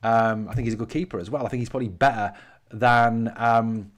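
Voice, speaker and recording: A man from northeast England runs his own podcast alone and reads comments from a live chat as he goes. His voice sits at an ordinary pitch. He gives blunt opinions and curses at commenters who annoy him. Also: steady tone, brisk. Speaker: podcast host. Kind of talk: solo podcast talk reading live chat.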